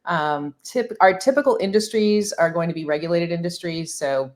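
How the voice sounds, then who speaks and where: A woman's voice: on the low side, moderate pace. A woman in her fifties talking candidly as a podcast guest, chatty with many fillers and restarts. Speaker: podcast guest, marketing agency founder. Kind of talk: conversational interview.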